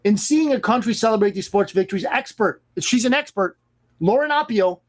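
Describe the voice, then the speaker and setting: A host delivering an opinionated commentary monologue in a sarcastic, mocking and emphatic manner. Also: medium pitch.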